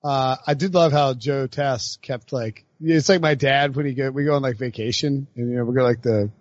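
A man's voice: mid-range voice, fairly even intonation, normal speed, no room sound, muffled recording. A man hosting a casual sports podcast, rambling with lots of fillers and laughing as he talks. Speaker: podcast host.

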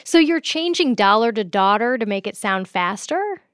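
A woman's voice: a little high, lively intonation, moderate pace, a bit bright, clean tone, no echo, studio quality. A woman hosting a radio show who asks her guest curious, playful questions. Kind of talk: radio interview.

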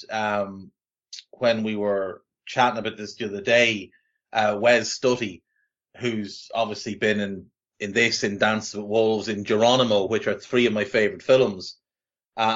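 A man's voice: lowish voice, a bit bright, muffled recording. A man co-hosting a podcast in casual, enthusiastic chat, often repeating himself. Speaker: podcast co-host.

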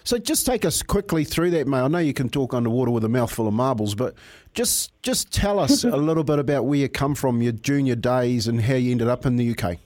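A man's voice: medium pitch, expressive, brisk, darkish tone. A man in his fifties hosting a sports radio show, bantering in a jokey, matey way. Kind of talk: casual radio chat.

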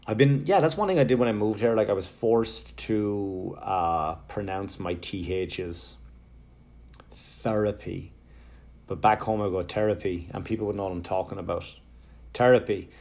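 This is a middle-aged man from Ireland whose Wexford accent has softened around the edges. His voice sits a touch low. He hosts his own podcast in a loose, self-mocking ramble full of "like" and "right?". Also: moderate pace. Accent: Wexford Irish, softened. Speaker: podcast host. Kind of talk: casual solo podcast monologue.

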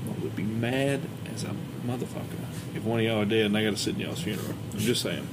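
A man's voice: on the low side, fast talker, heavy background noise. A man, co-hosting a podcast and joking bluntly with his friends. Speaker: podcast co-host. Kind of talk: casual chat.

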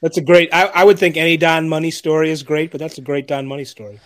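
A man's voice: fairly high pitch, little pitch movement, quick pace. A man hosting a casual chat, reacting with short remarks and laughs.

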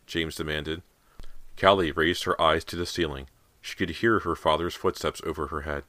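Deep, lively male narrator for spooky audiobook, close and dry. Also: fairly quick, no echo. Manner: dramatic, expressive reading. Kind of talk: scripted narration.

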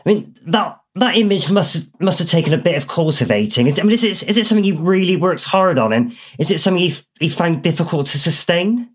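A man's voice: sits high, expressive. Bristolian man asking interview questions. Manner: inquisitive, measured. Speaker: host interviewer.

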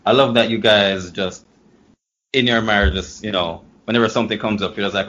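A low-voiced man hosting a podcast in a relaxed, chatty way. He cuts in freely with remarks, and the sound is dull and lo-fi. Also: a little fast. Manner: easygoing, laughs and interjects. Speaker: podcast host. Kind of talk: casual podcast interview.

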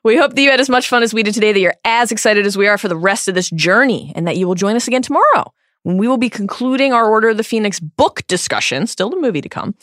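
A woman's voice: mid-range voice, lively intonation, quick pace, a bit bright, no echo, clean studio sound. A woman co-hosting a casual podcast, emphatic and enthusiastic, often laughing. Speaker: podcast co-host.

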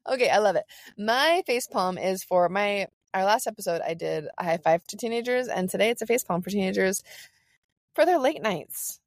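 A woman's voice: medium pitch, animated, moderate pace. A chatty woman in her forties co-hosts a parenting podcast. She talks in a loose, laughing way, and her voice sits mid-range in a close, dry recording with no room echo. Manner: chatty, laughing, reads listener questions aloud. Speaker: podcast co-host. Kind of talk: casual parenting podcast chat.

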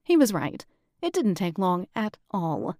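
A woman reading a first-person audiobook at a mid pitch, steady and matter-of-fact. The recording is dry and close, with no room sound. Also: a little slow, no room sound. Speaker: audiobook narrator.

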